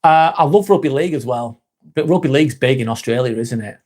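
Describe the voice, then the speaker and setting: A man's voice: medium pitch, fast talker, a little mellow. A man, hosting a casual live stream, chatting to viewers by name, laid-back and swearing freely. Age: 40s.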